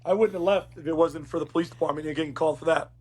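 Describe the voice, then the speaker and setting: Guest: middle-aged man from Uruguay, high voice, rapid lively storyteller. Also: husky. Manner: animated, acts out quoted dialogue. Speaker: podcast guest. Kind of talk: casual storytelling interview.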